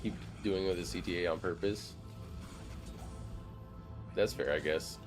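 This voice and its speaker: A man's voice: deep voice, unhurried, soft background music. A man streaming a game, chatting casually in a loose, rambling way full of "like" fillers and the odd swear word. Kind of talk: casual live-stream chat while gaming.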